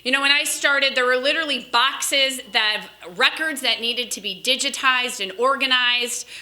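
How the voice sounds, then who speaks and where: Bright-voiced woman giving a chatty speech. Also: sits high. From Western Wisconsin. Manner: chatty storytelling, quick asides. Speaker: political speaker. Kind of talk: convention speech.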